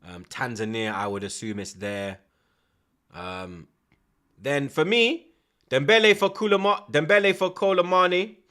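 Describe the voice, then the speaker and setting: A young man streaming a football watchalong, loud and excitable, full of slang and swearing. His voice is bright and forceful, and it leaps all over the place as he talks to his chat. He breaks into laughter often. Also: fairly high pitch. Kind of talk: live watchalong commentary and chat.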